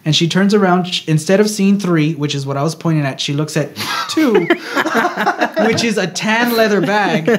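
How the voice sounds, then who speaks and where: Podcast co-host, man, higher-pitched, animated anecdote teller, salty language. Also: normal speed, background noise. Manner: animated, swears freely, acts out quotes. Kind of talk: casual storytelling.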